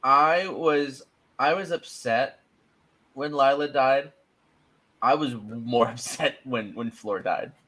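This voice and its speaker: A man co-hosting a casual podcast chat, excitable and quick to act out his reactions with big jumps in his voice. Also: medium pitch. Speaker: podcast co-host.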